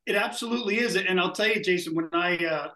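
A man's voice: sits high, quick pace, pushed and bright. A man with a Delaware County Pennsylvania accent co-hosting a podcast, chatty and laughing easily. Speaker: podcast co-host. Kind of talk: casual podcast chat. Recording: roomy echo.

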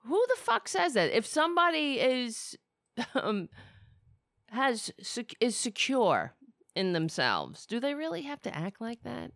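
A woman's voice: on the high side, big pitch swings, measured pace, creaky, a bit bright, dry recording, studio quality. A woman hosting a live political commentary stream, sarcastic and profane.

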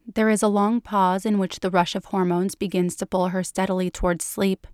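A woman narrates fan fiction in an unhurried, mid-pitched voice, at times sinking to a whisper. The sound is dry and close, with no room echo. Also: little pitch movement, a little mellow, smooth. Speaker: podcast reader. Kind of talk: reading fan fiction aloud.

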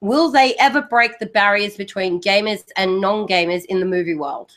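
An Australian woman hosting a casual gaming podcast, animated and quick to laugh as she rants. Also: mid-range voice. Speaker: podcast host. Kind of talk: casual chat.

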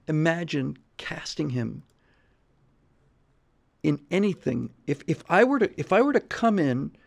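Middle-aged male streamer, casual and rambling, gravelly tone. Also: a little high. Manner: rambling, repeats words while thinking. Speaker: livestream host. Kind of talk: casual livestream chat.

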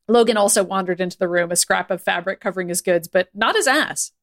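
A woman's voice: mid-range voice, quick pace. A woman co-hosting a podcast, reading a silly fan story aloud with playful laughter. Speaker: podcast co-host. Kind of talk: comedic reading of fan fiction.

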